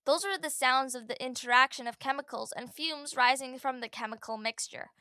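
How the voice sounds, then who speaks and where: Shy odd schoolboy, woman doing the voice, slow halting, keeps repeating words, a bit lower than her own. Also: sharp tone, no echo, studio quality. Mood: explaining.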